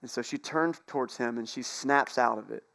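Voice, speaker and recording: A man preaching a sermon in a church, telling a story in a relaxed, conversational way, with playful asides and jokes. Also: medium pitch, normal speed, creaky. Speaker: pastor. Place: church sanctuary.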